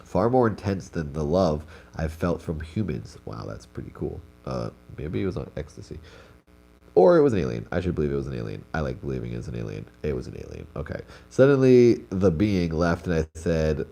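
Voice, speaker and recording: A man's voice: very deep voice, very animated, a little fast, vocal fry, hardly any pauses, dark tone. A young man, sounding congested, reads stories aloud on a live stream as host and breaks off for casual comments. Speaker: host reading viewer stories.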